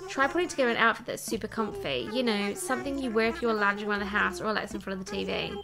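A woman's voice: medium pitch, racing, creaky, lightly acted. A woman voicing a fussy female hedgehog fashion designer in a put-on posh accent, with game music behind. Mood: posh, coaxing.

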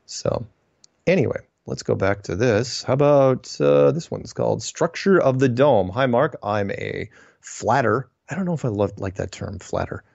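A man hosting a solo show, reading listener emails and answering them in a wry, digressive way with puns and quick self-corrections. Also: medium pitch, lively intonation, vocal fry, mellow, no room sound, highs cut off. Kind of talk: casual solo commentary.

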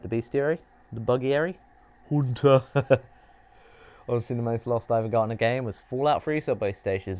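Animated man commenting on a game. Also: medium pitch. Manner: chatty, animated, quick to laugh and react to the game. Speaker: streamer host. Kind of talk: live game-stream commentary.

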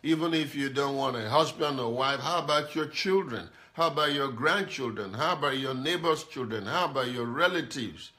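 Man, pastor, emphatic sermon, mid pitch, bright, live-streamed. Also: normal speed, few pauses. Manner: emphatic, repetitive preaching with call-outs. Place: live-streamed to online viewers. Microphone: camera mic.

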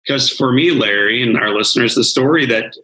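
A man's voice: medium pitch, brisk, bright, forceful tone, rough recording. A man, a guest speaker on a podcast interview, telling his life story in an earnest, dramatic way.

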